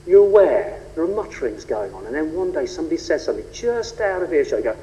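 A man preaching a sermon, rhetorical and animated, rising and falling for emphasis. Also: fast talker, few pauses. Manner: animated, rhetorical, shifts pitch and pace for emphasis. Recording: long reverb of a large hall.

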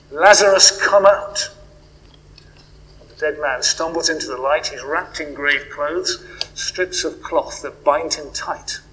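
A man preaching a sermon in a reflective way, moving between hushed questions and swells of emphasis. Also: on the high side, low-quality recording.

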